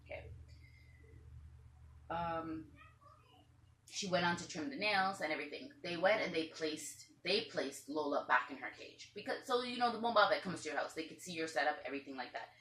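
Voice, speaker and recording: A woman's voice: low voice, lively intonation, a little fast, a bit bright, roomy sound, slight background noise. A woman parrot owner telling a long story to the camera at home, chatty and rambling, sometimes acting out what others said. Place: room at home with pet birds.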